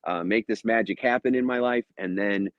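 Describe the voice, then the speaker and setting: A middle-aged man talks through a casual motivational pep talk in a low voice, tossing in "right?" and "uh" as he goes. The sound is muffled and slightly dull, with a dry, close feel and no room echo. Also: moderate pace. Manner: conversational, frequent "right?" tag questions and filler "uh". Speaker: hypnotherapist and mindset coach.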